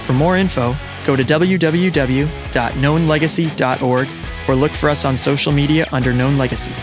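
Guy reading the podcast intro, guitar music behind, a bit high voice. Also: normal speed. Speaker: podcast announcer. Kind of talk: scripted intro announcement. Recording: announcement over guitar music.

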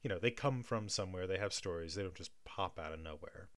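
A man's voice: low-pitched, fast talker, fairly bright tone. A man in a casual analytical chat, thinking aloud with many restarts and frequent checks of "right?". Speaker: guest discussing film and theatre.

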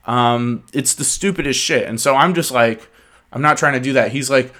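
A young man hosting a casual podcast, talking fast and profanely as he rants and mocks people. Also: mid-range voice, bright, forceful tone. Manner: profane, ranting, mocking. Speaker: podcast host.

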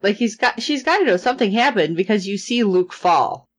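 A woman chats about a show with a very lively, swooping voice, jumping high when she acts out characters' shocked reactions. She talks casually, full of quick asides and fillers. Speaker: podcast co-host recapping a series. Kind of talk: casual chat.

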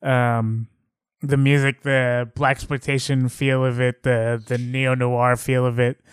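Man in casual chat, smooth clear voice, relaxed and rambling, dry close sound. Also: mid-range voice, slow, dry recording. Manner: relaxed, lots of "like" and restarts.

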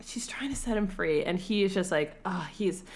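A woman's voice: lowish voice, normal speed. Laughing, swearing woman recapping a plot. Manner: animated, acts out quotes, laughs often, swears. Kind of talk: casual chat recapping a film plot.

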